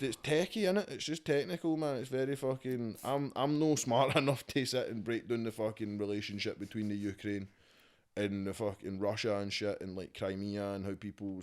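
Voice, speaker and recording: A man's voice: on the low side, steady tone, fairly quick. A man with a Scottish accent in a casual podcast chat, rambling and swearing freely. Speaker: podcast guest.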